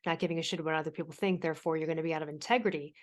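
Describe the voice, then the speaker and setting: A woman's voice: low voice, fairly even intonation, racing. A woman author and coach as a podcast guest, chatty and emphatic, swearing freely and asking "you know what I mean". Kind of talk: casual interview talk.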